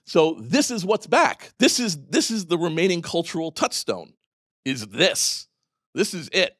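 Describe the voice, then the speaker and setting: Animated, sarcastic man ranting on stage. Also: measured pace, husky, dry recording, studio quality. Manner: sarcastic, profane, ranting storyteller; swings from low mutters to loud, high outbursts. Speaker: conference speaker. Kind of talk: animated conference talk.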